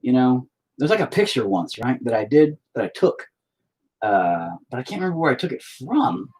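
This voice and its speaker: Man, husky voice, lively pitch, casual painting chat, rambling, profane, joking, at home. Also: normal speed, poor audio. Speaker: artist painting on a stream. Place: at home near the dining table.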